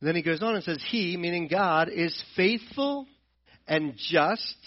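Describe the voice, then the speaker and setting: Speaking at normal speed in a fairly high voice, a man gives sermon-style Bible teaching; the audio has its highs cut off. He explains earnestly, frequently repeating and restarting his phrases.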